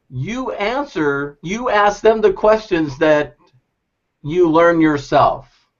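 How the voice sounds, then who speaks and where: A man giving a lively, laughing motivational talk to a group, acting out quoted voices. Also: fairly high pitch, takes it slowly. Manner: animated, laughing often, acts out quoted voices. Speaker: motivational speaker. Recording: dull lo-fi recording.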